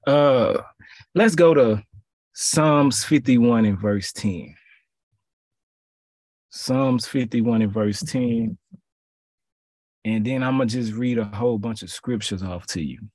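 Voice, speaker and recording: A man giving a casual sermon in relaxed slang, repeating his phrases for emphasis. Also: mid-range voice, takes it slowly, pauses often, no room sound, studio quality. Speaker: preacher.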